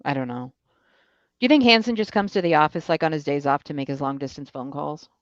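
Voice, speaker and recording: This co-host has a wry, teasing way of talking and lets their voice trail into quiet asides. Their sound is dull and lo-fi, yet dry and close to the mic, with no room around it. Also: mid-range voice, quick pace, no room sound. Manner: wry, asks teasing questions, soft asides. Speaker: podcast co-host. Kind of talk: casual commentary chat. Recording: dull lo-fi recording.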